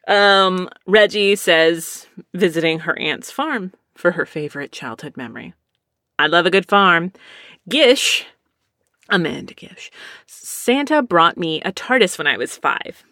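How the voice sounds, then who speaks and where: Woman streamer with a lisp, rambling and giggly, middle-pitched, dry close sound. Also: a bit bright, no room sound. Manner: rambling and chatty, laughs often. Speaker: streamer reading viewer comments. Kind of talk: casual chat.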